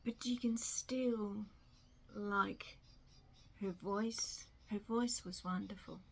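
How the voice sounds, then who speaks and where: A woman's voice: mid-range voice, steady tone, extremely slow, creaky, slight background noise. An Australian woman talking casually to camera at home in a rambling, self-deprecating way. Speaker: vlogger. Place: home in Melbourne.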